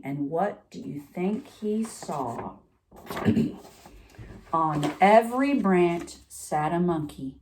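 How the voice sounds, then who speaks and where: A woman's voice: low voice, darkish tone, a little hiss or hum. A woman reading a picture book aloud to children, with chatty asides to her young listeners. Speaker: storytime reader.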